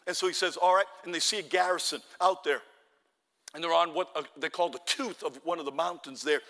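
A man preaching a sermon in a church, telling Bible stories with lively acted-out voices and rising to shouts at the high points. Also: fairly quick. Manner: animated storytelling, acts out Bible characters, shouts at peaks. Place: church hall. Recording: long reverb of a hall.

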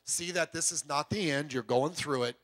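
A male pastor delivers a sermon with a high-pitched, bright and forceful voice. He talks conversationally, asks the congregation rhetorical questions and drops in joking asides. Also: moderate pace.

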